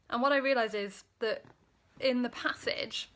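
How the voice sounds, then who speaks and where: A woman's voice: a little high, steady tone, moderate pace, few pauses, a bit bright. A woman from Wales leading a casual live-streamed daily devotional from a small prayer room, chatty and informal, slightly out of breath, recorded on a phone or laptop camera. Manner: chatty and informal, thinking aloud. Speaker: church devotional leader.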